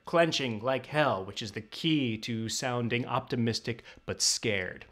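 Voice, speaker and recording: A man hosting a short comedic dialect lesson, brisk, jokey and instructional. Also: mid-range voice, fairly bright tone. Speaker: comedic dialect coach and host. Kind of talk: comedic web sketch.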